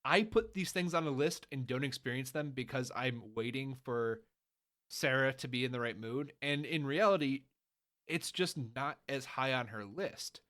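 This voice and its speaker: Bright-voiced man, emphatic podcast co-host. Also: medium pitch, moderate pace. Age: adult, married. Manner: long-winded, laying out rules with emphasis. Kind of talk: casual chat.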